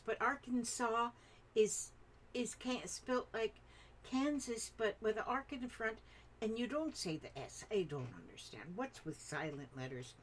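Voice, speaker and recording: A woman's voice: on the high side, slight background noise. An older woman hosting her craft channel, reading viewer comments aloud and chatting in rambling asides.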